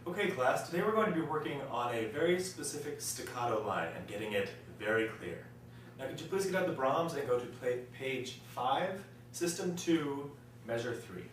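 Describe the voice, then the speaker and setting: A man's voice: medium pitch, expressive, moderate pace. A man from Indiana with a mid-range voice plays a choir director and then explains his own teaching step by step. He is heard from far off in a very echoey room, with a faint hum behind him. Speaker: music education student playing a choir director. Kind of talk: role-played choir rehearsal with analysis.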